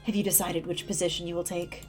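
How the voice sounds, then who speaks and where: A woman's voice: fairly low pitch, flat delivery, quick pace, darkish tone, faint music behind, lightly acted. Woman doing a snooty French noble bird, male, arrogant, scolding. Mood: haughty.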